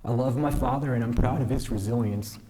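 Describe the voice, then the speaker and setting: A man's voice: medium pitch, noisy background. Earnest man giving a formal speech. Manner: measured, earnest, self-deprecating. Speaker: newly invested justice giving a speech. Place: ceremony hall.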